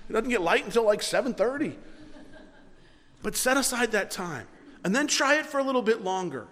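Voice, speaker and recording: A man preaching a sermon, earnest, swinging between loud emphasis and quiet, soft passages, closing in prayer. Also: very high voice, sing-song, a little fast, long reverb tail. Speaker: pastor.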